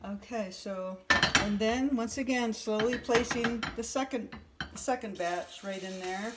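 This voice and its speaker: A woman's voice: a little high, unhurried, very noisy. A woman in her fifties hosting a casual home cooking demonstration, chatty, thinking aloud as she works and joking at her own expense. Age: 50s. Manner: chatty, thinks aloud, jokes and laughs at herself. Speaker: cooking vlog host. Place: home kitchen. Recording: sizzling pan and clattering dishes behind.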